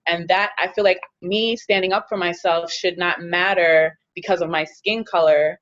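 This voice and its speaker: A woman speaking in a casual panel discussion, earnest and measured. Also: lowish voice, fairly even intonation, fairly bright tone, muffled recording.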